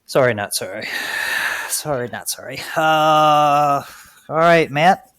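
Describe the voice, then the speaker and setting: A man's voice: on the high side, lively intonation, slow pace, a bit bright, clean tone, no echo. A man hosting a trivia game podcast, playful and teasing with the players. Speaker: quiz host.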